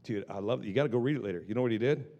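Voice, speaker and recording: Slangy pastor in a reverberant hall. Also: male voice, medium pitch, racing, warm tone, dull audio. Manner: casual slangy, frequent stammered restarts. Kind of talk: revival sermon storytelling. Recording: long reverb of a large room.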